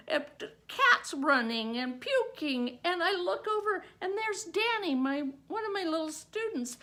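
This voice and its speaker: A middle-aged woman, a former teacher, telling a personal story with vivid, dramatic pacing that builds into loud excitement. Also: very high voice, a little slow, hardly any pauses. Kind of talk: told personal story at a contest.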